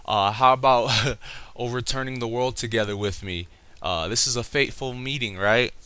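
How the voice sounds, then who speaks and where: A man's voice: mid-range voice, normal speed, sharp tone, clean tone, pitched above the performer's own voice, natural voice. A man voicing a brash, cheerful male pirate captain in an offhand retelling with a raised voice.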